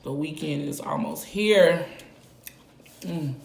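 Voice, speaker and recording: A woman's voice: low voice, gravelly. A woman vlogging a mukbang, chatting casually between bites and humming contentedly as she eats. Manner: slow, relaxed talk between bites, lots of contented hums. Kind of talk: casual eating vlog. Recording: echoey room, faint background noise.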